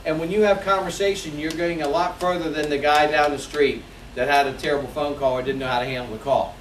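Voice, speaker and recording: Guy in his 40s running a car sales training, kinda high voice, echoey room, mic a ways off. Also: quick pace, recorded from a distance, slight background noise. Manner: energetic, role-plays customer calls.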